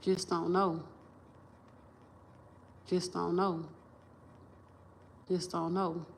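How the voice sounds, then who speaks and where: A woman's voice: on the low side, level tone, extremely slow, creaky, slight background noise. A woman on a livestream, talking in a rambling, emphatic and profane way, restarting sentences and repeating herself into a phone camera.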